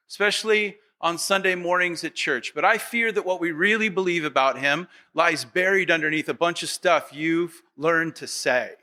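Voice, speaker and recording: With a high-sitting, pushed and bright voice, a male pastor preaches to his congregation. He plays out their voices in quotes and returns again and again to rhetorical questions aimed at them.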